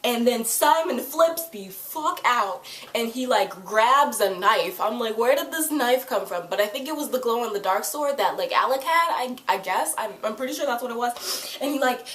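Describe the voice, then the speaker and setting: Excitable woman fan reviewing a TV show; casual, swears freely, recorded in an echoey room. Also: fairly high pitch, moderate pace, a little hiss or hum. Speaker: TV episode reviewer.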